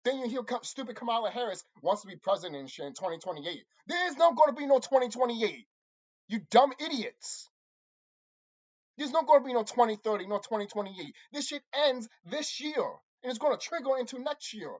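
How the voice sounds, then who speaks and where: A channel host delivering an angry, profane monologue to viewers, repeating himself and insulting his audience. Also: fairly quick. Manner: lively swings in pitch and loudness. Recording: dull lo-fi recording.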